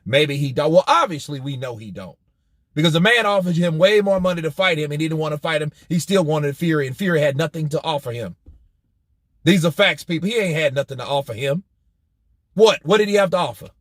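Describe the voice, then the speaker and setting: A man hosting a boxing news channel, talking in an animated, profane way and firing off rhetorical questions. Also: fairly high pitch, fairly quick, no room sound, studio quality. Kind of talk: commentary vlog.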